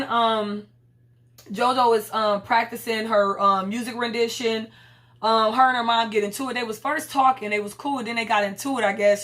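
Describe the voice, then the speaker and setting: A woman's voice: a little high, a bit bright. A young woman casually recapping a TV episode in a chatty, slangy way, often acting out the characters' lines. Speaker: TV episode reviewer.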